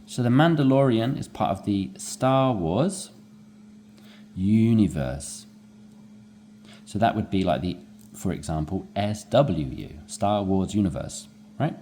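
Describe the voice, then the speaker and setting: Lively low-voiced male English teacher. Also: takes it slowly, long pauses, a little hiss or hum. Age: adult with young children. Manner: animated, demonstrates rising inflection. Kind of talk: explaining a textbook dialogue.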